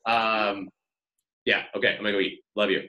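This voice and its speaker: A man in his thirties, a fitness trainer chatting casually on a team video call, talking fast with lots of fillers and casual swearing. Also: lowish voice, level tone, bright, forceful tone, roomy sound, lo-fi sound. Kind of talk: casual chat.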